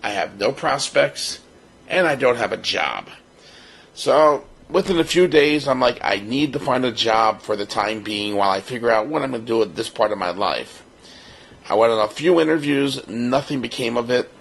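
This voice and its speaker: With a gravelly, mid-range voice carrying a breathy edge, a Baltimore man in his fifties talks at normal speed while co-hosting a podcast. He tells a personal story with energy, acting out others' lines. The recording is rough.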